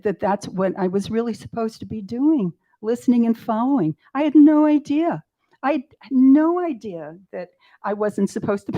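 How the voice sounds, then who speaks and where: A woman in her eighties, a guest in an interview, telling her story in a casual, animated way and acting out her own doubting thoughts with self-mocking humor. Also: mid-range voice. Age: 80s. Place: retreat center in Mexico.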